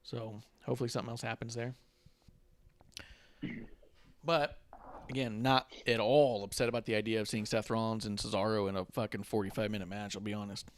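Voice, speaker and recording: A man co-hosting a casual podcast, animated and swearing freely, often acting out what other people said. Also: lowish voice, fast, no echo. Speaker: podcast co-host. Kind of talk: casual chat.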